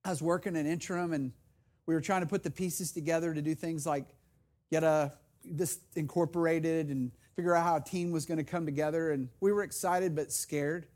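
A middle-aged man preaching a sermon as pastor, earnest and personal, building to loud emphatic repetition. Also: on the high side, fairly even intonation, a little fast. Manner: earnest, personal storytelling with restarts.

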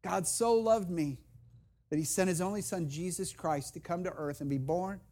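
Brief: middle-aged male pastor, high voice, impassioned sermon, rising repeated calls. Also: normal speed. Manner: impassioned, builds to loud emphatic repetition; earnest, personal storytelling with restarts.

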